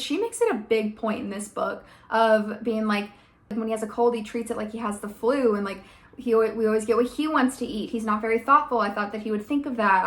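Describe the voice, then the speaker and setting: A woman's voice: a little high, fairly bright tone. A young woman chatting casually as a fan vlogger, heavy on "like" and fillers, now and then reading book passages aloud.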